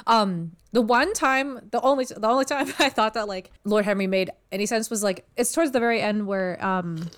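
A woman's voice: mid-range voice, smooth. Giggly woman in casual chat. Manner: laughing, halting, short agreements. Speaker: podcast co-host.

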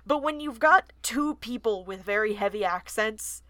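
A woman's voice: medium pitch, lively intonation, moderate pace, fairly bright tone, no room sound. A woman co-hosting a podcast, chatting in a blunt, amused way with swearing. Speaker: podcast co-host. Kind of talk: casual book-club chat.

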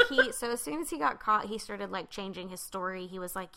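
A woman's voice: mid-range voice, moderate pace, gravelly, bright, forceful tone. A young adult woman co-hosting a casual true-crime podcast, blunt and casually swearing. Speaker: podcast co-host.

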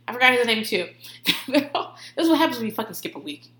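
A woman's voice: a little high, fast, echoey room. A woman hosting a podcast, telling stories in casual, profane chat and laughing often. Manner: profane, laughing, animated storytelling. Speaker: podcast host.

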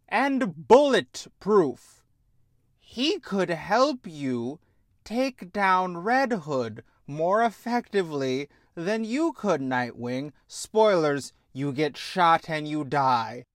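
A man delivers an exasperated, sarcastic rant packed with swearing. He talks slowly and leans on his words. The sound is close and dry, with no room echo. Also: a little high. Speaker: show host. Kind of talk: ranting TV review.

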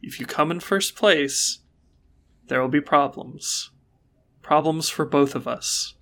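A sultry, scheming woman who coaxes and talks down to people in a tabletop game, voiced by a man. Her manner is smooth and controlling, with a gravelly, bright edge. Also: a little high, slow, slight background noise. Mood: coaxing. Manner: smooth, coaxing, patronizing.

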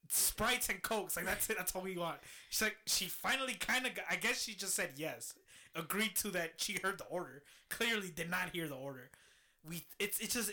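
Bright-voiced man telling a story. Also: high voice. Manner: swears freely, laughs while telling stories. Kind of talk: casual storytelling chat.

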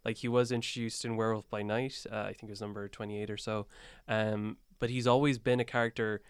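A man chatting casually as a podcast co-host, relaxed and often laughing, with hesitant restarts. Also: lowish voice, brisk, clear, resonant tone, dry recording, studio quality. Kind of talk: casual chat.

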